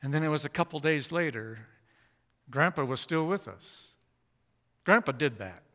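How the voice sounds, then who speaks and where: Preacher man with a bright, ringing voice. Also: on the high side, lively intonation, normal speed. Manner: dynamic, swings from hushed to loud. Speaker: pastor. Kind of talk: sermon. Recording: long hall reverb.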